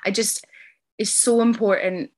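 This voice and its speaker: A woman's voice: a little high, steady tone, a little slow, a little mellow. A woman hosting a podcast interview, talking earnestly and effusively with many ums and restarts. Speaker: podcast host. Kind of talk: casual interview chat.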